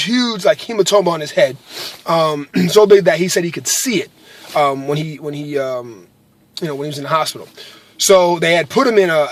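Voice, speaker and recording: Earnest high-voiced man. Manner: earnest, with many fillers and repeated "right?". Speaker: vlogger sharing a faith story. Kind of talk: casual chat to camera.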